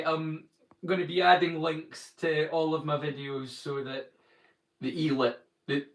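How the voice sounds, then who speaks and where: A man's voice: mid-range voice, roomy sound, distant mic. A man with a northeast Scottish accent chatting casually with viewers on a live stream, jokey and greeting people by name. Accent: Scottish, northeast (Doric). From northeast Scotland. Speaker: livestream watchalong host.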